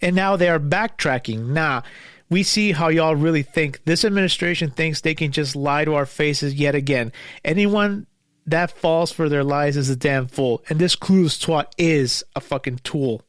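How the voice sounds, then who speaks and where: A young man ranting angrily and profanely in a solo commentary, repeating himself and sometimes yelling. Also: fairly high pitch, normal speed, no room sound, studio quality. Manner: angry, profane, repeats himself, yells at times. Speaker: podcast host.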